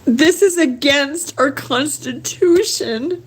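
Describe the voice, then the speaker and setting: A middle-aged woman talks to her livestream viewers in a high voice. She speaks slowly, her monologue rambling, agitated and pleading.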